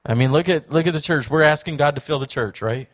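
A man's voice: fairly high pitch, quick pace. A man preaching a sermon in a church, telling stories and acting out quoted voices. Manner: storytelling, animated, acts out quoted voices. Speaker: pastor.

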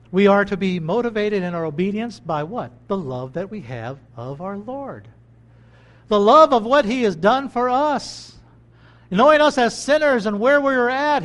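A man preaching a sermon in a conversational way, swinging between loud bursts and quiet asides. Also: sits high. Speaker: pastor. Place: country church.

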